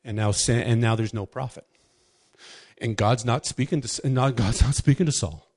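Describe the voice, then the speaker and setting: A man preaching a casual sermon, telling a story with quick voiced asides and chuckles. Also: mid-range voice, darkish tone.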